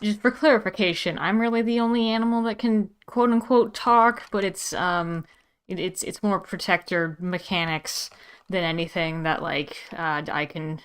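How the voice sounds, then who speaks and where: Woman doing a male chicken in human form, stream role-play, halting restarts, fairly low voice, near her own. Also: smooth, natural voice. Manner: halting, rambling, many restarts. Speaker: streamer in character. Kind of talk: in-character livestream role-play.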